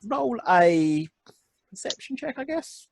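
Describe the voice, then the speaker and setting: A man's voice: very high-pitched, very animated, slow, gravelly, noisy background. A man narrating as game master of a tabletop game, in a rambling way full of ums and restarts.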